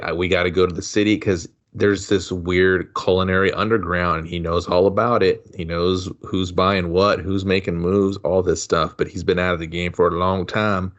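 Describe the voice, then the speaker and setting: Brief: deep male co-host, relaxed plot recaps, muffled lo-fi sound. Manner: laid-back plot recaps with quoted dialogue. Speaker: podcast co-host. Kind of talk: casual movie review chat. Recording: dull, lo-fi sound.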